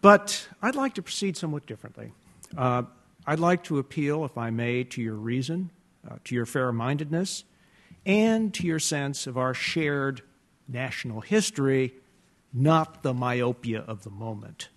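Male debater, formal and deliberate, stops often on "uh" between phrases. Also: mid-range voice, lively intonation, fairly bright tone. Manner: deliberate, formal, with frequent pauses and "uh" fillers. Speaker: debate speaker. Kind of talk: opening debate statement.

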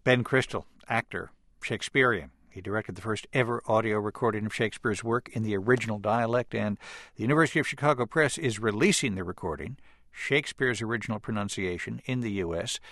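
A man hosting a radio interview, with measured introductions and wry asides. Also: lowish voice, a bit bright, no room sound, clean studio sound. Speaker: radio host. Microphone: studio microphone.

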